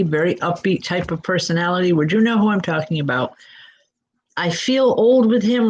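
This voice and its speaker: A woman working as a psychic medium, giving spirit readings in a gentle, reassuring way and speaking straight to listeners by name. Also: on the low side. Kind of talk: live spirit readings and announcements. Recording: dull lo-fi recording.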